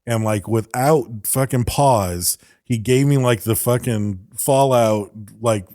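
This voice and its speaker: A man on a podcast telling a funny story in casual chat, halting and restarting, then getting animated. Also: mid-range voice. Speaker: podcast co-host.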